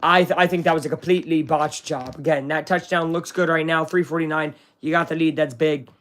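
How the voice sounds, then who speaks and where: Excitable man calling a live game. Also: on the high side, a little fast. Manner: chatty, reacting excitedly to plays and addressing viewers. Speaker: streamer hosting a live game watch-along. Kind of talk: live play-by-play commentary.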